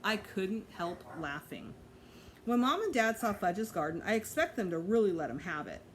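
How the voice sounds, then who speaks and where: A woman teacher reading a children's chapter book aloud with expressive storytelling. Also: medium pitch, normal speed, slight background noise.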